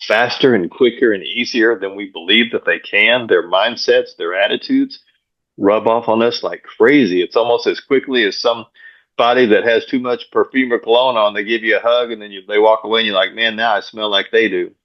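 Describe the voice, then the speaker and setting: A man, a pastor and coach, guesting on an interview show and telling stories in an energetic way, often repeating words as he goes. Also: lowish voice, normal speed. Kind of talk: casual interview storytelling. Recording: dull lo-fi sound.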